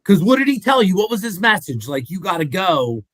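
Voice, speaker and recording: A man's voice: sits high, sing-song, fairly quick, fairly bright tone, no echo. A man hosting a podcast, asking probing, clarifying questions of his guest. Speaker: podcast host. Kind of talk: interview questions.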